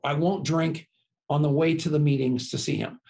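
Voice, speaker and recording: An older man telling lively stories as a podcast guest, acting out the voices of the people in them. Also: on the high side, normal speed, gravelly. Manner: lively anecdotes, acts out quoted voices. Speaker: podcast guest, business co-founder. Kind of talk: animated storytelling.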